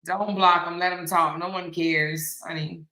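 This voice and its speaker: A woman's voice: lowish voice, little pitch movement, a little slow, sharp tone, echoey room, rough recording. A woman hosting a casual commentary stream, reading viewer comments aloud in a sassy, mocking way and laughing often. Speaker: host.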